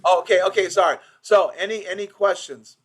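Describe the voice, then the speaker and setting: A man's voice: high voice, brisk, a bit bright, breathy edge. Rambling man coaching office staff. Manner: rambling, with many restarts and acted-out patient quotes. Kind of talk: informal training session.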